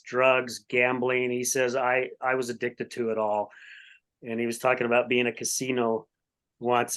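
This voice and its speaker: A man's voice: mid-range voice, a bit bright. A man hosting a podcast interview, talking in a chatty, rambling way with many restarts. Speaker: podcast host. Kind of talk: casual interview chat.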